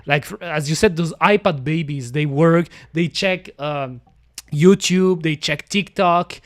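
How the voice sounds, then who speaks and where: Male streamer, casual reaction chat, meandering and full of restarts, voice a touch high. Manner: rambling, many fillers and restarts, non-native grammar slips.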